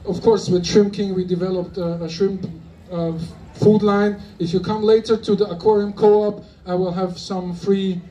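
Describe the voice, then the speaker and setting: A man's voice: high-pitched, level tone, moderate pace, warm tone. A man from Germany with a German accent, giving a joking, rambling talk to a live audience at a convention. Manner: joking, rambling, playful asides. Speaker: conference speaker. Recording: distant mic with faint noise.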